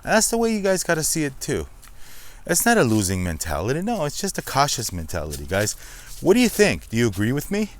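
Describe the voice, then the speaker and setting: A man's voice: medium pitch, huge pitch swings, fast. A man hosting a casual walk-and-talk vlog outdoors, a little out of breath as he climbs a steep hill and talks reflectively to his viewers. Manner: chatty, addresses viewers as guys, reflective. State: out of breath walking uphill. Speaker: slots channel host.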